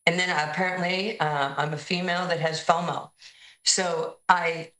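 Low-voiced animated woman storyteller. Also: normal speed, reverberant, low-quality recording. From New York. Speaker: basketball head coach, guest. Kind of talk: interview storytelling.

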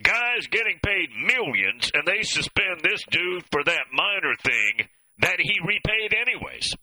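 A man's voice: high-pitched, sing-song, measured pace, bright, forceful tone, no room sound, rough recording. A man hosting call-in sports talk radio, folksy and opinionated. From American South.

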